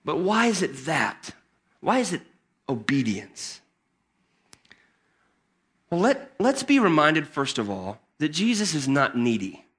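A pastor preaching a sermon in a conversational, emphatic way. He often restarts his phrases and builds into excited bursts. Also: fairly high pitch, slow pace, pauses often, breathy edge. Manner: conversational and emphatic, with many repeated starts and a rising, excited delivery.

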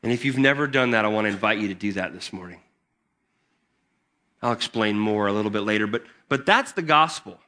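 A pastor preaching a sermon in a conversational, emphatic way. He often restarts his phrases and builds into excited bursts. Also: fairly low pitch, brisk. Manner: conversational and emphatic, with many repeated starts and a rising, excited delivery.

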